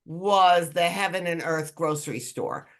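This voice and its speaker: An audience member sharing measured, reflective thoughts in a casual book discussion, repeating words for emphasis. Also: medium pitch, a bit bright.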